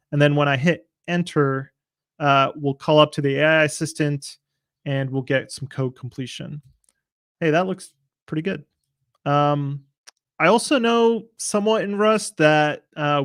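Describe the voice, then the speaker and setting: A man giving a casual software demo, explaining in a relaxed, loose way with frequent filler sounds. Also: a little high, no echo, clean studio sound. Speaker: software product demonstrator.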